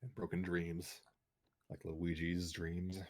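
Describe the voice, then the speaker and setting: A man with a fairly low voice hosting a relaxed voice-call chat from home. He rambles, laughs often and keeps a low-key tone. He can be heard clicking now and then. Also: slow. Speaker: host of a story reading show. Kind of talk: casual chat.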